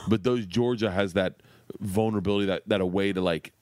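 A middle-aged man telling stories casually as a comedian guest, animated and swearing, acting out his kids' voices. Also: fairly low pitch, fairly quick, very noisy. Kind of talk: casual storytelling.

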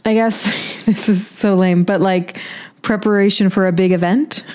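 A woman co-hosting a casual podcast chat, relaxed and offhand, with lots of likes. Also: medium pitch, measured pace. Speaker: podcast co-host.

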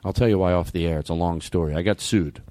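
A man's voice: low-pitched, fast, mellow, no echo. A man hosting a radio show, chatting casually and rambling through stories with loose profanity on a studio mic. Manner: rambling storyteller, swears freely. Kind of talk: casual on-air chat.

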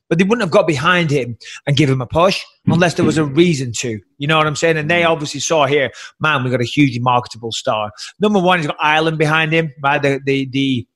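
A man's voice: a little high, a bit bright. An English man and former fighter co-hosting a podcast, blunt and jokey with plenty of swearing, talking from home. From England. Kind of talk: casual podcast chat.

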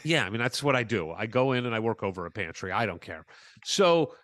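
Speaking fairly quickly in a lowish voice, a podcast co-host from Southern California relates a story in easygoing chat, bringing quoted characters to life with animated voices. The audio is studio-grade with no echo.

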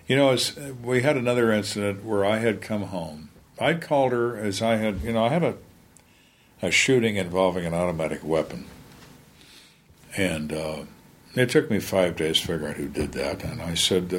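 Blunt older man, low voice. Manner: blunt, plainspoken, halting restarts. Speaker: retired police lieutenant. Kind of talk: storytelling in a conversation.

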